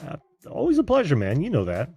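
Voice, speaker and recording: A man's voice: on the high side, wildly swooping pitch, quick pace, a little mellow, slightly rough, dry recording, faint music behind. A man hosting a call-in show over video, easygoing and often laughing. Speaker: host. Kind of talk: casual chat.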